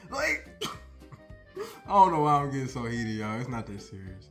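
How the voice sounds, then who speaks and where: A man's voice: medium pitch, wildly swooping pitch, measured pace, long pauses, soft background music. A man in his thirties giving a profane, heated reaction commentary, swearing and laughing between points. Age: 30s. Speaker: commentary host.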